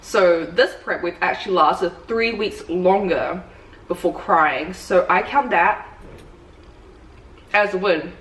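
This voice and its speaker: A woman's voice: medium pitch, fairly bright tone. A young woman, a fitness coach, chatting casually in a vlog and telling stories packed with "like". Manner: chatty storytelling, full of "like". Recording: roomy, distant, faint ambience.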